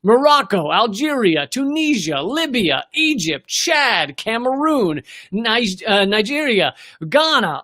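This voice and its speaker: A man's voice: high voice, big pitch swings, slow, pushed and bright. An American man in his thirties hosting a political comedy show, giving sarcastic, profane commentary with mocking asides. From United States.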